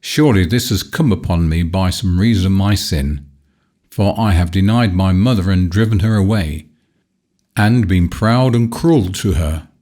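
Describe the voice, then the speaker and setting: A man's voice: low voice, normal speed, mellow, lightly acted. A man voicing a proud, cruel boy who speaks in hard, scornful archaic phrases in a storybook reading. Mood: remorseful.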